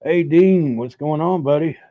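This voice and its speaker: A man's voice: a little high, measured pace, no echo. A middle-aged man hosting a live stream, telling a story in a laid-back, rambling, profane way while having drinks. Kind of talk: casual storytelling chat over drinks. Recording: dull, dry lo-fi sound.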